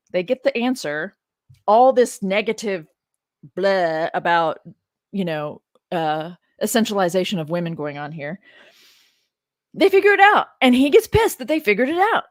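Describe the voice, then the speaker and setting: A woman's voice: medium pitch, big pitch swings, normal speed, dry recording, studio quality. A woman who teaches religion, giving casual commentary on a scripture reading, emotional, exasperated and blunt. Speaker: religion professor.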